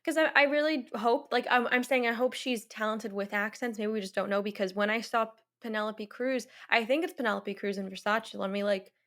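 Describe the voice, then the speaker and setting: A woman's voice: a little high, fairly even intonation, fairly quick, hardly any pauses, a bit bright. A woman co-hosting a film podcast, talking earnestly in casual chat. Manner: earnest, repeats "I really hope". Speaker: podcast co-host.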